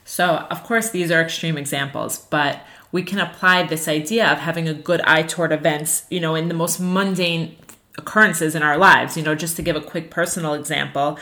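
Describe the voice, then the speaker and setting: A woman teaching a lesson on Jewish ethics, her voice low-pitched yet bright and forceful. She talks in an earnest, animated way, with plenty of fillers like "you know." She moves easily from teaching points to personal stories. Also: moderate pace. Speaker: religious teacher.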